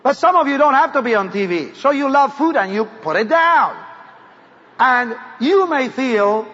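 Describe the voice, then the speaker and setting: High-voiced South American-accented preacher in a hall. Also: male voice, very animated, measured pace. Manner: emphatic, swings between raised declarations and hushed low lines. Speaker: evangelist preacher. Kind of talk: sermon to a large crowd. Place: large hall before a crowd. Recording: dull recording with long hall reverb.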